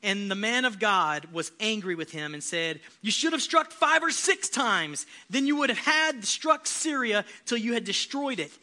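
High bright-voiced male preacher. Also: very animated, normal speed, few pauses. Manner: passionate, rising to shouts. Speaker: pastor. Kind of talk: sermon.

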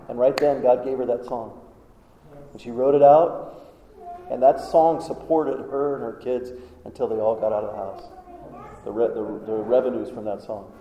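A man's voice: medium pitch, fairly even intonation, moderate pace. A man preaching a sermon in a conversational way, often putting questions to the congregation. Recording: echoey hall, dull sound.

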